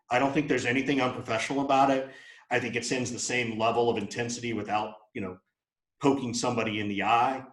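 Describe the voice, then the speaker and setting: A man's voice: medium pitch, fairly quick, fairly bright tone, roomy sound, poor audio. A man giving a live sales training, talking bluntly and casually with plenty of fillers. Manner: blunt and conversational, with many fillers. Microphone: video call.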